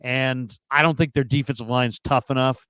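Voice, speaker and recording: A man's voice: mid-range voice, steady tone, normal speed, a bit bright, clean tone, no echo. A man on a sports talk show giving his opinions casually, thinking aloud with frequent restarts. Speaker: sports podcast panelist.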